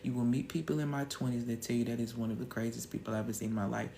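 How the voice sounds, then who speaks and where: A woman's voice: extremely low pitch, little pitch movement, rapid-fire, vocal fry, dark tone, a little hiss or hum. A woman in her thirties hosting a live-stream motivational talk, emphatic and slangy, firing off rhetorical questions.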